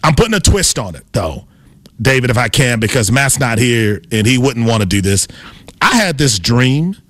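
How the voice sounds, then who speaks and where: A man's voice: medium pitch, very animated, moderate pace, fairly bright tone, dry recording. A man co-hosting a sports radio show, chatting casually and playfully, joking around with put-on accents. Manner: playful, jokey, tries out silly accents.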